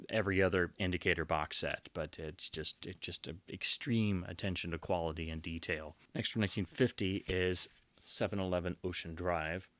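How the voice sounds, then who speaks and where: A man giving casual unboxing commentary as a collector, enthusiastic and quick to heap on superlatives. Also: deep voice, fairly bright tone, no room sound. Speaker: collector presenting his purchases.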